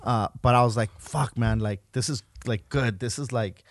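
A man's voice: mid-range voice, moderate pace, no room sound. A man co-hosting a comedy podcast, teasing and rambling with fillers. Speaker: podcast co-host. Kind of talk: casual chat.

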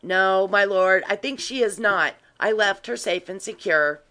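Grave gentleman with quiet malice, dry delivery, voiced by the narrator. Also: mid-range voice, unhurried, voice pushed up. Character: grave, quietly sly gentleman Ormiston, man. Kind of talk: audiobook reading.

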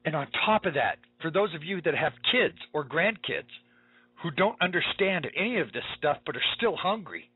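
A man's voice: a little high, big pitch swings, normal speed, husky. A male radio host giving an urgent, preaching monologue, emphatic and repetitive, heard over a tinny, phone-like line.

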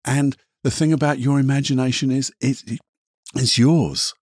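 Gentle rambling male therapist, husky. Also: mid-range voice, steady tone, moderate pace, dry recording, clean studio sound. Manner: gentle, rambling, self-correcting. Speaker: therapist podcast host. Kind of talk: reflective podcast monologue with guided imagery.

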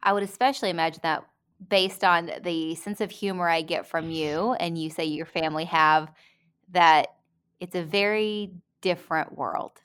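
Woman podcast host, slightly low voice, gentle and encouraging. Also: steady tone, moderate pace, smooth. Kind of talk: supportive interview conversation.

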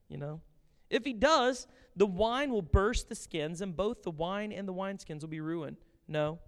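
Animated preacher man in a reverberant hall. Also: on the high side. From grew up on a farm. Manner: animated, swings from quiet to loud in acted-out quotes. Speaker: pastor. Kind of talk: sermon.

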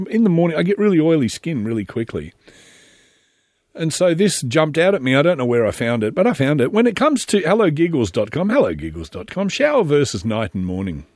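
A man's voice: mid-range voice, a little mellow, no echo, studio quality. A middle-aged man, hosting a podcast and rambling through a sardonic solo commentary full of joking asides. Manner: sardonic, meandering, jokey asides. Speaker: podcast host.

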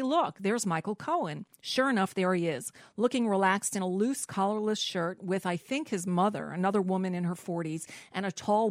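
A woman's voice: mid-range voice, no room sound, clean studio sound. A woman hosting a political talk radio show, chatting casually, restarting her phrases and reading posts aloud. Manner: chatty, self-interrupting, reads posts aloud.

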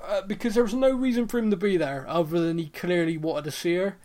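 Chatty man podcaster, slightly high voice. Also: quick pace, a little mellow. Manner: chatty, lots of ums, acts out quoted lines. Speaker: podcast co-host. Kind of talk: casual chat reviewing a TV episode.

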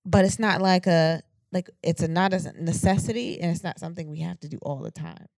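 A young woman co-hosting a podcast in loose, candid chat, swearing freely and stopping to restart her thoughts. Her voice sits low and gravelly, with lively ups and downs, and the sound is dry and close. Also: no room sound. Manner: frank, profane, halting restarts. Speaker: podcast co-host.

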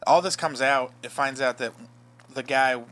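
A man's voice: mid-range voice, normal speed, fairly bright tone. A man telling rambling, self-mocking stories on a podcast, swearing constantly. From Los Angeles area. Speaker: podcast host. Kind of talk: casual storytelling chat.

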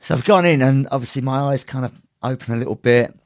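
A man's voice: medium pitch, fast, a little mellow, no echo, clean studio sound. A man, a martial arts instructor and podcast guest, telling a story casually with many restarts and frequent laughter. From United Kingdom.

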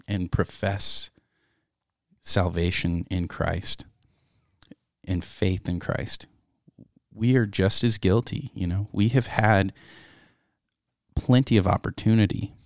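A man co-hosting a faith podcast, speaking in a reflective, measured way. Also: sits low, no room sound, studio quality. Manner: reflective, measured, quotes scripture. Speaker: podcast co-host. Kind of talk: casual faith discussion.

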